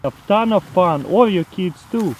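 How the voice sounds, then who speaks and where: High-voiced man eagerly showing hacks. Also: lively intonation, unhurried, rough recording. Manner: enthusiastic, loose non-native grammar; chats to his dog while filming. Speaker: vlogger demonstrating life hacks. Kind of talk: casual how-to demonstration.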